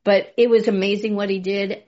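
A woman's voice: mid-range voice, level tone, normal speed, mellow. A middle-aged woman in casual conversation, telling a heartfelt, rambling story with emotion. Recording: muffled lo-fi audio.

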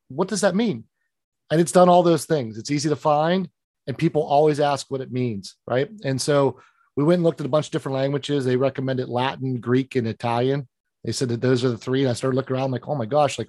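A man's voice: medium pitch, darkish tone, no echo. A man with a Pittsburgh accent talks as a guest in an interview, earnest and a bit rambling, often restarting his sentences. His voice sits in an average range and sounds dry and close, with no room around it. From Pittsburgh, Western Pennsylvania. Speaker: financial planner, guest. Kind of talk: interview conversation.

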